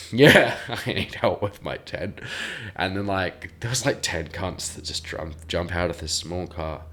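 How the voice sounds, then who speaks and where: A man's voice: sits low, measured pace, hardly any pauses, bright, forceful tone. A young man, a podcast guest rambling through a profane, laughing party story in casual chat. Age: young adult.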